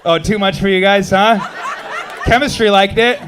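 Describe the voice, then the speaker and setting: A man works a comedy club stage into a handheld mic, his voice sitting a touch high for a man. He delivers his set with punchy timing and quick asides, and he bants with the crowd between jokes. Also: fairly even intonation, a bit bright, a little hiss or hum. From United States. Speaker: stand-up comedian.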